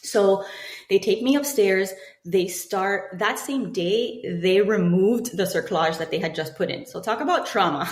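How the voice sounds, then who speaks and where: A woman in her thirties, a podcast guest telling a personal story with animated delivery, acting out what other people said. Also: mid-range voice, a little slow. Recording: echoey room.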